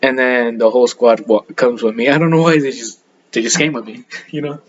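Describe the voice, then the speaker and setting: A man's voice: mid-range voice, steady tone, fairly quick, dull audio, a little hiss or hum. Rambling young man telling school stories. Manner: rambling, full of fillers and self-corrections, laughs at himself. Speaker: podcast storyteller. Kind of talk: rambling casual storytelling.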